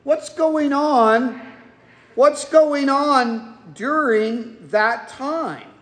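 A man preaches at an unhurried, slow pace, folksy and conversational with humorous asides. His voice rings through a large church sanctuary with a long, echoing reverb. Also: extremely high pitch, fairly bright tone. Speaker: pastor. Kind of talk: expository sermon. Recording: echoey hall with long reverb.

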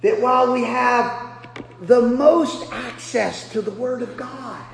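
High-voiced man preaching in an echoey hall. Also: takes it slowly, gravelly. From Nebraska, USA. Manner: animated, self-deprecating storytelling with sudden loud bursts. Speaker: pastor. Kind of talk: sermon. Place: large church hall. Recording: echoey hall with long reverb.

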